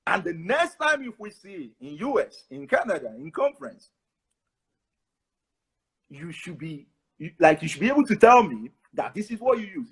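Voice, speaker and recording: A Nigerian man with a Nigerian accent, a professor giving animated advice as a guest on a webinar over a video call. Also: high-pitched, slightly rough. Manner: animated, advising.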